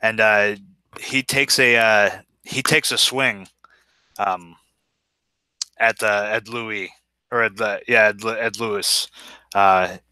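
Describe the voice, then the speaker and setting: A man's voice: on the low side, fairly even intonation, slow pace, long pauses, bright, forceful tone, clean tone, no echo. A man eagerly describing his character's actions in a tabletop role-playing game, often correcting himself as he goes. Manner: eager, rambling, self-correcting. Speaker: player.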